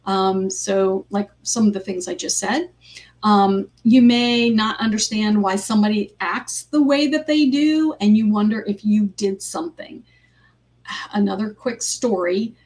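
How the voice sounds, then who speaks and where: A woman's voice: medium pitch, unhurried, a little mellow. A woman life coach giving a casual live talk, telling personal stories with frequent ums and 'right?' asides. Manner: conversational, lots of ums and 'right?' tags.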